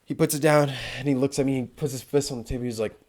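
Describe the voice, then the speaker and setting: A man's voice: medium pitch, steady tone, quick pace, a little mellow. A young man co-hosting a podcast, telling a travel story in loose casual chat, swearing and laughing often. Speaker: podcast co-host.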